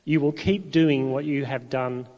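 A middle-aged man from Ireland, preaching a sermon in a conversational way, with rhetorical questions and dramatic pauses. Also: mid-range voice, steady tone, darkish tone, dull audio. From Northern Ireland. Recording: long hall reverb.

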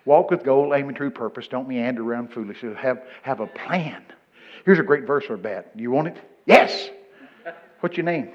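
A man, preaching a storytelling sermon. He jumps into high shouting voices for the people he quotes. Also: a little fast, lo-fi sound.

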